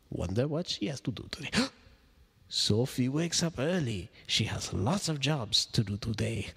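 Gravelly man reading a baby book with wild swings. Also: fairly high pitch, big-room sound. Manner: theatrical, gasping, dropping to whispers and making animal noises; wry, deadpan asides to the listener. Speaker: reader of children's books. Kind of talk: playful read-aloud of a baby's board book.

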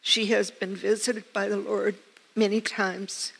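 An older American woman serving as pastor speaks in a medium-pitched, husky voice with vocal fry, keeping a level tone and an unhurried pace. Her sermon, delivered in a church sanctuary with long reverb, weaves personal stories with earnest, emphatic repetition.

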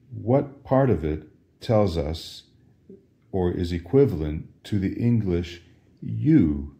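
Very slow, deep-voiced Latin tutor. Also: male voice, animated, warm tone. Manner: patient, repeats each phrase as a question and answer. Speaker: Latin teacher. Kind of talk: slow drill-style language lesson.

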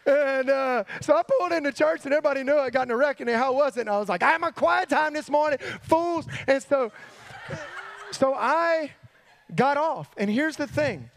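A man telling a sermon story to students, animated, jumping between hushed asides and excited yelps. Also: extremely high pitch, moderate pace. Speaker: youth pastor. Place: church hall.

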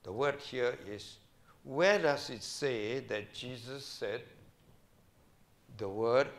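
A middle-aged man, a senior pastor preaching a sermon and reading scripture aloud with slow emphasis. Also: mid-range voice.

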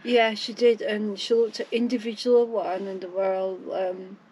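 A woman's voice: medium pitch, flat delivery, normal speed, a little mellow, slight background noise, low-quality recording. A woman, chipping in casually with short agreements and corrections. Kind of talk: casual chat.

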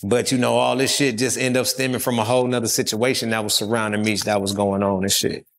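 A man guest in an interview, telling stories in a casual, animated and profane way and acting out quotes. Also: medium pitch, quick pace. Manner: animated, profane street talk, acts out quotes.

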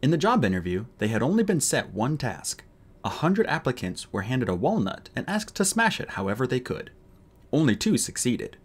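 A man reading an audiobook aloud in an expressive narrating style. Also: medium pitch, moderate pace, husky. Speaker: audiobook reader.

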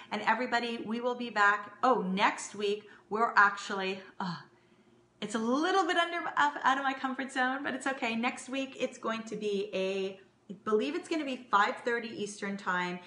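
A woman chats through a live stream from her home, her voice bright and forward. She warmly thanks and greets viewers in an easy, casual way. The room sounds echoey, with a faint hum of ambience behind her. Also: medium pitch. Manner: chatty, warm thanks to viewers, excited greetings. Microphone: phone or webcam live stream.

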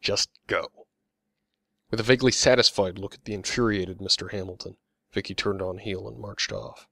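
A man reading his own novel aloud as an audiobook, in an even, measured storytelling voice. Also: on the low side, gravelly, no room sound. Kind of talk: audiobook narration.

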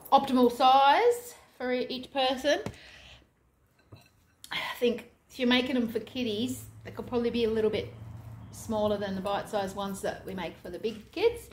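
A woman's voice: on the high side, fairly even intonation, normal speed, slight background noise. A woman with an Australian accent chatting casually while making food at home, thinking aloud with self-deprecating asides. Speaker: vlogger. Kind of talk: casual cooking vlog chat. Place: home kitchen. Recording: echoey kitchen with dish clatter.

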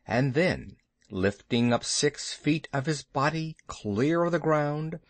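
A man narrating a classic animal story in an expressive, measured way. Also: medium pitch, no room sound. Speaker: audiobook narrator. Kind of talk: scripted narration.

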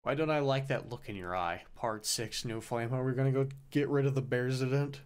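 A man's voice: mid-range voice, a little fast, smooth. A man giving let's play commentary on a video game, joking, swearing casually and reacting with playful disbelief. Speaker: gaming YouTuber.

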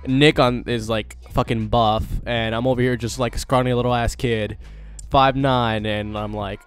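A man's voice: medium pitch, normal speed, hardly any pauses, faint music behind. A teenage boy telling a story casually to camera as a vlogger, rambling and swearing with lots of fillers.

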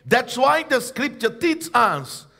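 A man's voice: very high voice, sing-song, takes it slowly, pushed and bright. A male pastor preaching a sermon, leading his congregation in call-and-response and hammering points with emphatic repetition. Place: church service.

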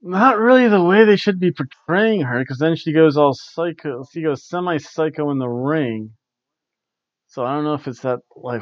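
A man's voice: fairly high pitch, no echo, lo-fi sound. A man hosting a casual wrestling review, rambling offhand with ums and restarts. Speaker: wrestling reviewer, show host. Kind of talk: casual spoken show recap. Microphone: camera recording at home.

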